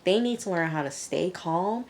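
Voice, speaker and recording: Low-voiced woman chatting casually. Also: animated, moderate pace, darkish tone. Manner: chatty, full of fillers like "um" and "you know". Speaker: TV reviewer. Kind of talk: casual episode recap.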